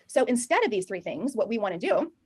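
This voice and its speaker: Fast-talking, loud Texan woman trainer. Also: mid-range voice, big pitch swings, husky. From Texas. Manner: loud, emphatic, talks very fast. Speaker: sales trainer. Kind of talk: energetic presentation to a room.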